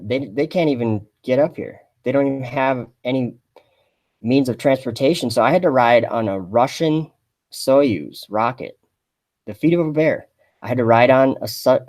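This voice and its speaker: A man chatting on a mock live stream in a deadpan, rambling way, full of fillers and restarts. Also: medium pitch. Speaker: satirical livestreamer posing as an astronaut.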